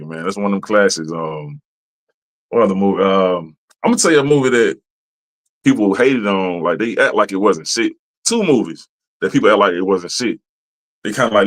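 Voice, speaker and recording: A man hosting a podcast in a casual, profane, animated monologue, laughing often and jumping high in pitch when he rants. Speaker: podcast host.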